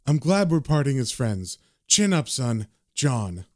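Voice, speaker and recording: A man voicing a dying, cynical male occult con man in a low, subdued, world-weary tone. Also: very animated, a little slow, a little mellow, no echo, clean studio sound. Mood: rueful.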